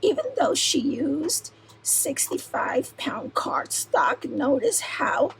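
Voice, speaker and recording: Middle-aged woman vlogger, breathy half-whisper, high lively pitch, unhurried, giggly. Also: rough recording. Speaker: crafting vlogger. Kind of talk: casual unboxing chat.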